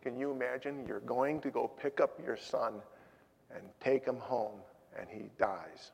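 An older man preaching a sermon, telling a story with strong emotion, swinging from loud to hushed. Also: mid-range voice, measured pace, creaky, slightly rough. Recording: long hall reverb.

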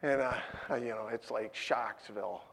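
An older man preaching a sermon, telling a story with strong emotion, swinging from loud to hushed. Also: medium pitch, steady tone, moderate pace, vocal fry, slightly rough. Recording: long hall reverb.

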